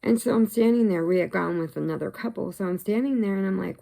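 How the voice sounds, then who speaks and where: A middle-aged woman telling long, animated stories in a casual vlog, laughing at her own jokes. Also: mid-range voice, fast, gravelly, hardly any pauses. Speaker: crochet vlogger. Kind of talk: casual storytelling.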